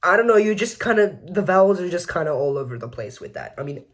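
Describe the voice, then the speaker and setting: A man's voice: high-pitched, expressive, fast talker. A man giving a casual educational explainer, with chatty, self-mocking asides and frequent mid-sentence corrections. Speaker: video essay host.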